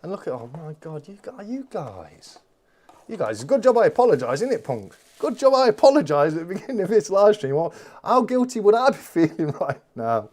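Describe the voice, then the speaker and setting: A man's voice: fairly high pitch, sing-song, moderate pace, a little mellow, a little hiss or hum. A man hosting a live-stream unboxing, talking casually and gushing with exclamations. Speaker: channel host.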